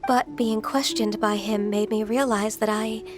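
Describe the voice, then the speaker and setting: A woman voicing a shy, earnest half-divine young woman in a video game, soft-spoken and hesitant. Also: medium pitch, fairly even intonation, a little slow, close to an everyday voice. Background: game music.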